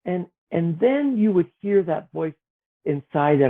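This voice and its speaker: Man, gentle earnest talk, fairly high voice, lively swinging pitch, thin phone-like sound. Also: measured pace. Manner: gentle, earnest, acts out his inner voices. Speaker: author guest. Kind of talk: reflective spiritual conversation. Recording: tinny phone-like line.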